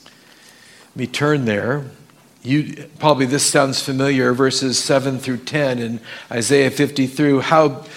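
A man's voice: medium pitch, steady tone, slow. A man preaching a sermon, reading scripture aloud and asking the congregation questions. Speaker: pastor.

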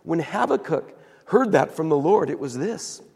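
A man preaching a sermon in a church, his slightly high voice gravelly and husky. He tells the story with animated retellings of the characters' words, and a long hall reverb trails behind him. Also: normal speed. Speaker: pastor.

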